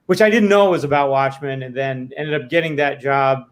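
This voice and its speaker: A man's voice: mid-range voice, moderate pace. A man who works as a visual effects supervisor, recounting how he got his jobs in a matter-of-fact, self-deprecating way over a video call. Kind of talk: recounting career in an interview.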